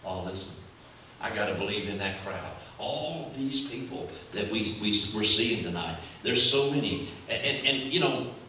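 A male preacher with a strikingly bright, ringing voice, rolling through rhythmic, repeated phrases. He swings between hushed and loud passages. The sound fills a large echoey sanctuary, picked up from a distance with a faint hum. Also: fairly low pitch, lively intonation, normal speed. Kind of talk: sermon. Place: church sanctuary.

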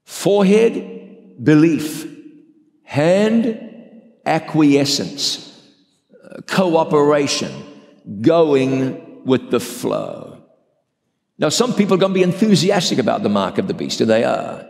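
A man's voice: a little high, very animated, slow, vocal fry, long pauses, darkish tone. Pastor guy preaching hard, voice swings up and down a lot, echoey hall. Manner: emphatic, dramatic preaching with acted quotes. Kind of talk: sermon. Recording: reverberant hall.

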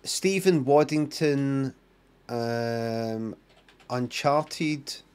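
A man's voice: mid-range voice, extremely slow, a little mellow, clear, resonant tone. A man with a Scottish accent chatting, muttering and swearing through his live-stream commentary.

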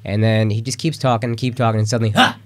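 A man's voice: lowish voice, steady tone, fast. A man co-hosting a podcast, telling a rambling anecdote and acting out the quotes. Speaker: podcast co-host. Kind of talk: casual storytelling.

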